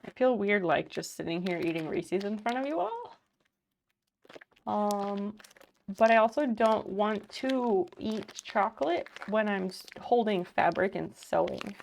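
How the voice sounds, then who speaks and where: A woman's voice: medium pitch, vocal fry, slight background noise. A woman livestreamer chatting casually at home, thanking viewers by name while sewing.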